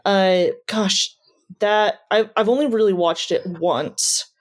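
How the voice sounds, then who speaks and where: A woman's voice: mid-range voice, takes it slowly. A woman co-hosting a podcast in casual chat, upbeat and playful. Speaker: podcast co-host.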